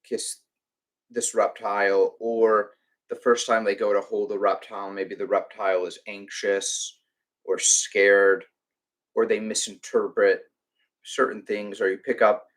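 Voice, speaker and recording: A man's voice: on the low side, little pitch movement, measured pace, fairly bright tone. Rambling man ranting on a live stream. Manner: ranting, with filler words and restarts. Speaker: reptile rescue streamer. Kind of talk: casual live-stream chat.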